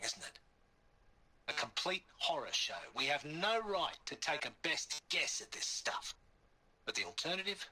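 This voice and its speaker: A man's voice: medium pitch, sharp tone, full character voice. A man voicing a weary idealist who is facing his own end, speaking earnestly and reflectively in a game audio log.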